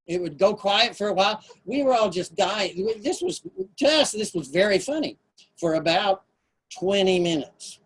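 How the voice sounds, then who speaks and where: Husky man telling a story. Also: sits high, moderate pace. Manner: animated, with shifting voices and restarts. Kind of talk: live storytelling performance.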